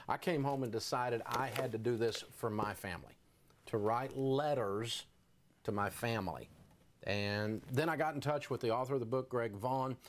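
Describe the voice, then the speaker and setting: Animated male talk show host. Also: mid-range voice, normal speed, a little hiss or hum. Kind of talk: television interview.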